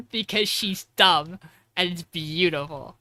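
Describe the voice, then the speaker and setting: Bright-voiced excitable podcast co-host. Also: male voice, high voice, takes it slowly. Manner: excitable, profane, acts out quotes with laughter. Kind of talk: casual anime podcast chat.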